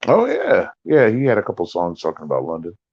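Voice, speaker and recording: A middle-aged man from the States talks casually as the host of a livestream, rambling and swearing freely. His voice sits low, and the sound is dry and a little dull, like lo-fi stream audio. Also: wildly swooping pitch, fairly quick, gravelly, darkish tone, slightly rough, dry recording. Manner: loose, profane, rambling. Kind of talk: casual chat.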